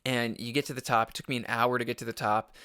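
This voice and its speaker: A man's voice: mid-range voice, level tone, quick pace, bright, forceful tone, clear, resonant tone, no echo, clean studio sound. A man hosting his own podcast, telling a road-trip story casually, rambling with restarts and swearing freely. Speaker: podcast host.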